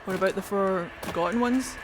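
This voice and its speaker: A woman streamer talking casually over a game, excitable and given to swearing. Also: medium pitch, moderate pace, noisy background. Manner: excitable, swears and laughs a lot. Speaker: gaming streamer. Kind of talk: casual let's-play commentary.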